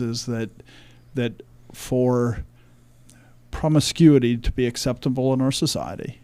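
A man's voice: mid-range voice, a little mellow, no room sound. A man co-hosting a church podcast, speaking emphatically and quoting scripture in a preachy way. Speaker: podcast co-host. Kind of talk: religious discussion podcast.

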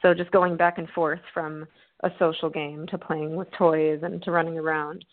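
A woman's voice: low voice, little pitch movement, moderate pace, narrow, tinny audio. A woman guest, a speech therapist, answering casually in a friendly way and laughing often.

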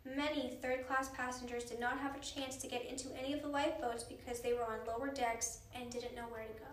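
Woman, reading a children's book aloud, gentle, expressive, distant mic. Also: high-pitched, brisk, roomy sound, a little hiss or hum. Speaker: reader.

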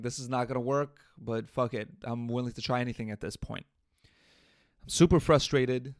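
A man hosts his own podcast, venting through a story with lively, frustrated energy and the odd curse. His voice sits in a middle range and comes through close and dry, with no room sound around it. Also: mid-range voice, no echo. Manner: animated storytelling, swearing and venting. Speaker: podcast host. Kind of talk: casual solo podcast rant. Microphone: USB interface podcast mic.

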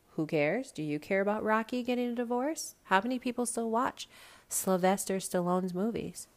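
A woman hosting a casual pop culture gossip podcast, blunt and sassy, swearing freely and firing off rhetorical questions. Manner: swings to loud, high exclamations for emphasis. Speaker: podcast host.

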